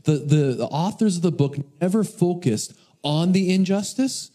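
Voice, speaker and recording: A man's voice: high-pitched, animated, normal speed, dark tone. A man preaching a sermon, telling a personal story in a casual, storytelling way with frequent restarts. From North America. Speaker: pastor.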